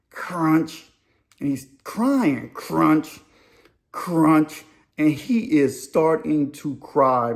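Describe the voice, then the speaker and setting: A man telling a story in a loose, animated way, sometimes acting out other people's voices. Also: fairly high pitch. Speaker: storyteller host. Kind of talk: casual spoken storytelling.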